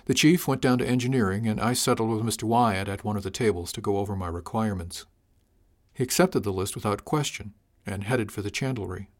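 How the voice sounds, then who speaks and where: A man narrating a science-fiction novel in a dry, measured, wry way. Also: lowish voice. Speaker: audiobook narrator. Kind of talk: scripted audiobook narration.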